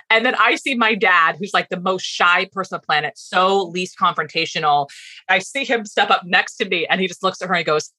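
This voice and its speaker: A woman guest on a podcast interview, a fast-talking, animated storyteller giving advice. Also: mid-range voice, no room sound. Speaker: guest speaking coach.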